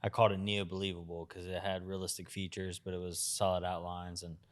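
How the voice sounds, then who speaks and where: A man, a tattoo artist, chatting casually on a podcast, relaxed and reflective with lots of "you know". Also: deep voice, brisk.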